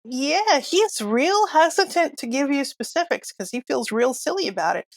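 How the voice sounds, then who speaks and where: A woman's voice: high-pitched, sing-song, moderate pace, no room sound. Chatty, laughing woman game master. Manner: chatty, laughing, lots of fillers. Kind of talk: narrating a tabletop game.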